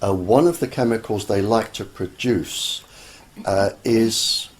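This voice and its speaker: A man speaks very slowly as an interview guest, pausing often with ums. His voice sits fairly low and he sounds earnest and deliberate. A faint hiss runs under the recording. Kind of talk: slow conversational explanation.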